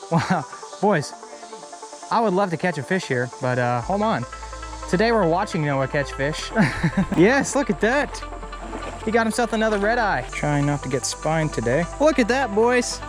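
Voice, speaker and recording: Young male fishing vlogger, outdoors on a camera mic, loud excitable banter, music bed. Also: a little high, normal speed, pauses often. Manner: excitable, swears often, laughs a lot. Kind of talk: casual outdoor vlog chat. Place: outdoors by a creek.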